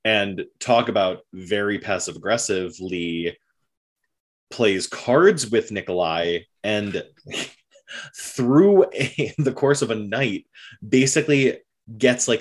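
Casual male co-host, lowish voice, animated storyteller who slips into characters' voices. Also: breathy edge. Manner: animated storyteller, many fillers, acts out characters' lines. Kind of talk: casual chat recapping a period drama.

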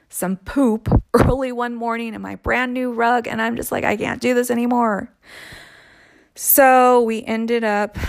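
A woman telling a personal story in a casual, unhurried way, pausing and sighing between thoughts. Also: fairly high pitch, no echo, clean studio sound. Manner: slow, unhurried, with sighs and trailing pauses.

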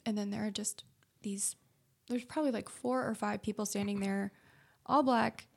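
A woman's voice: medium pitch, fairly even intonation, normal speed, gravelly, a little mellow, a little hiss or hum. A woman co-hosting a casual podcast chat, telling stories and acting out the exchanges she quotes. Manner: storytelling, acts out quoted exchanges. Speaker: podcast co-host.

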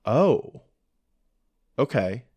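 A man's voice: mid-range voice, very animated, drawn-out words, darkish tone, breathy edge, no room sound. A man co-hosting a podcast, chatting casually and reading news updates aloud in a laid-back way. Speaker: podcast co-host.

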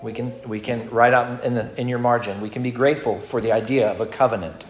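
A man's voice: mid-range voice, fairly even intonation, quick pace. Man preaching conversationally in an echoey hall. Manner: conversational teaching, with repeated restarts. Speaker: pastor. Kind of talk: expository sermon. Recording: roomy hall echo, faint noise.

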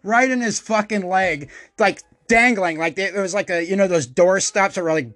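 A man with a high voice tells a story on his podcast, cursing freely and jumping into loud, animated quotes. The sound is dry and close, with no room around it. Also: moderate pace, dry recording. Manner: profane, animated, acts out quotes loudly. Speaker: podcast host. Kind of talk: casual storytelling monologue.

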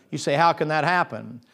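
High-voiced preacher. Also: male voice, creaky. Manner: swings from low confiding tones to loud excited preaching, with restarts. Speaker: pastor. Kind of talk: sermon.

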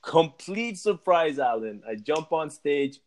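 A man, a musician being interviewed, telling a personal story in a casual, animated way and acting out his own reactions. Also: a little high, takes it slowly. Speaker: guest, musician.

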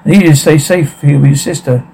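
A man's voice: a little high, fast talker, creaky, slightly rough, rough recording. An actor playing a protective father who gives his daughters firm, commanding orders in a horror film. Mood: urgent. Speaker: father of the family. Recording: film soundtrack with steady background noise.

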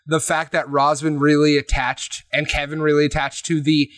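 A man with a voice on the high side speaks at normal speed, with no echo. On a podcast he recaps a tabletop game session in animated, casual chat, swearing freely and acting out what others said.

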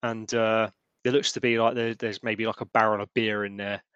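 A man running a tabletop game as game master, narrating in a halting way with lots of restarts. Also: lowish voice, flat delivery, a bit bright, smooth, no room sound, highs cut off. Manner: halting, many fillers and restarts.

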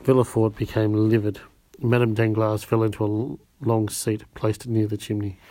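A man reading a classic novel aloud in a measured way, with small slips and restarts. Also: on the low side, flat delivery, warm tone, no room sound. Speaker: audiobook reader.

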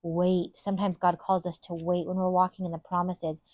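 A woman's voice: lowish voice, little pitch movement, normal speed, darkish tone, no room sound. A woman hosting a Bible teaching podcast, earnest and enthusiastic, who stresses her points by repeating them. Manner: earnest and enthusiastic, with emphatic repetition.

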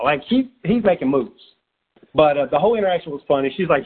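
A man's voice: on the high side, fast, husky. A man co-hosting a casual show recap, talking animatedly and acting out characters. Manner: animated, acts out character voices. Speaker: podcast co-host. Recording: tinny phone-like sound.

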